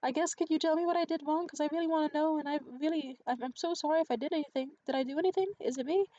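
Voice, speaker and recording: A man's voice: very high voice, fairly even intonation, racing, warm tone, muffled recording, a little hiss or hum, pitched above the performer's own voice. A woman doing a flustered, pleading young man. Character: anxious, apologetic young man on a date.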